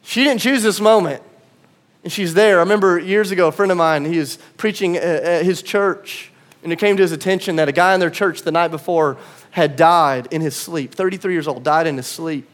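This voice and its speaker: High-voiced man preaching a sermon. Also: brisk. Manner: conversational, swings from quiet to emphatic. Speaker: pastor.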